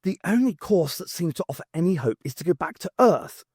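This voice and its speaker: A man reading aloud and voicing an eccentric male scientist who speaks quickly, decisively and with command. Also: sits high, big pitch swings, a little mellow, slightly rough, no room sound, studio quality, pitched above the performer's own voice, exaggerated voice. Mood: urgent.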